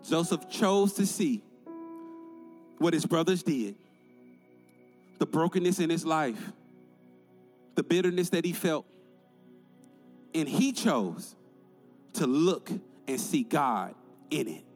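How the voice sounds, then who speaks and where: A man's voice: fairly high pitch, lively intonation, slow, pauses often, a little mellow, in a large hall, soft background music. A male pastor preaching a sermon in an emphatic, conversational way, building points through repetition.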